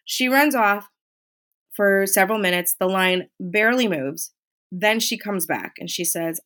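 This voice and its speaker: Woman vlogger, casual storyteller, animated, mid pitch. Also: unhurried. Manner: chatty, animated retelling with quoted voices.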